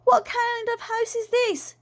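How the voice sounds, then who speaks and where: Woman doing bossy aunt, blunt, scolding, high, loud, storybook reading. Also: measured pace. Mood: appalled. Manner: scolding, dramatic exclamations.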